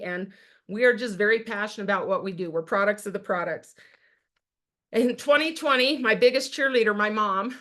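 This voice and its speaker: A middle-aged woman talks through her own story on a team video call, earnest and plain-spoken. Her voice sits at an ordinary middle pitch for a woman. She keeps turning to her listeners as "you guys.". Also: a bit bright. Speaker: direct sales team leader sharing her story. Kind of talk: personal testimony on a team call.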